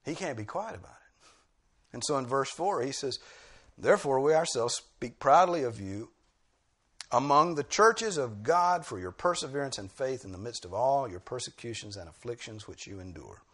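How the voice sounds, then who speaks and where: A man's voice: medium pitch, expressive, moderate pace, a bit bright. A male preacher delivering an expository sermon, pressing key phrases with emphatic bursts.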